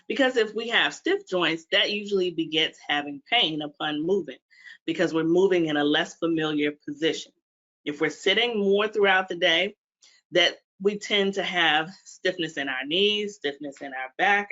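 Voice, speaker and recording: A woman's voice: lowish voice, pushed and bright. A woman from Washington, D.C., a physical therapist, presenting a webinar and putting questions to her audience. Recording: dull lo-fi webinar audio.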